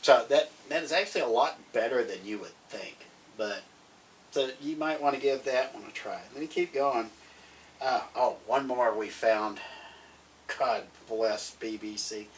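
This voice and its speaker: A man's voice: mid-range voice, a little slow. A man co-hosting a podcast, rambling cheerfully as he recommends TV series in casual chat. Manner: chatty, rambling, grows excited. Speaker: podcast co-host. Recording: distant mic, faint background noise.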